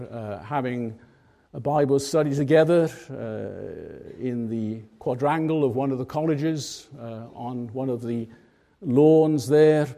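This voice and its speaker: Male preacher, sermon storytelling, slow and measured, warm mellow tone, emphatic on key words. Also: medium pitch.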